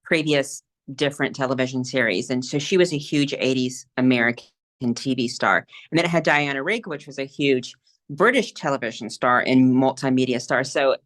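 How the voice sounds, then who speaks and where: A woman's voice: very deep voice, moderate pace. A woman with a Southern US accent hosting a casual podcast discussion, talking enthusiastically and gushing with rambling fillers. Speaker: podcast host.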